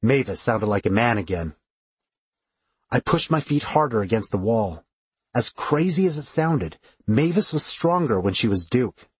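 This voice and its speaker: A man narrating first-person fiction in a steady, expressive way on a close studio microphone. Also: mid-range voice, measured pace, husky, no echo. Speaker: audiobook narrator.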